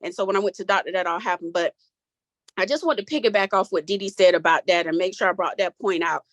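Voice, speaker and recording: A guest in her forties offers personal testimony during a group talk, her lowish voice moving fast. Her delivery is candid, emotional and casual with a Southern edge, and her voice catches as she tries not to cry. No room sound is audible.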